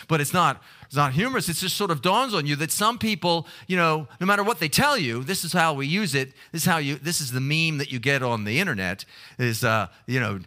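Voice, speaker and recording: A man preaching a sermon, halting often with fillers and restarts as he tells stories. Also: fairly high pitch, bright, forceful tone. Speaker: pastor. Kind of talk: sermon with prayer.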